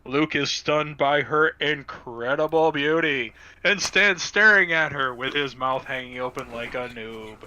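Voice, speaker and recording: A man's voice: medium pitch, a little slow, few pauses, sharp tone, rough recording. A man hosting and narrating a casual script read-through, playful and adding his own sound effects. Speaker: host and narrator.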